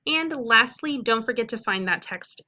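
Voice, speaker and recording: A woman teacher giving a recorded phonics lesson to students, speaking in a clear, patient, instructive way and slowly stretching out sounds. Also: a little high, expressive, sharp tone.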